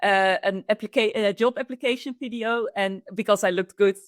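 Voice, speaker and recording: A woman's voice: medium pitch, fairly even intonation, moderate pace, dry recording, clean studio sound. A woman with a Dutch accent, talking enthusiastically as a guest in an interview and often restarting her sentences. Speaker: guest, AI consultant. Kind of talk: conversational interview.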